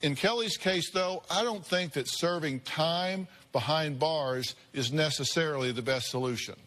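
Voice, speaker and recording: A man hosting a talk show, speaking in a measured, direct way. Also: on the high side, fairly bright tone. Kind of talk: talk show narration and address.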